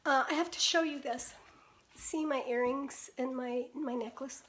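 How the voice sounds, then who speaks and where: High-voiced older woman chatting on a live stream. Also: fairly even intonation, unhurried, fairly bright tone. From Pacific Northwest US. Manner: chatty, greets viewers, laughs often. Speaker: painter hosting a live stream. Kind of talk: casual live-stream chat.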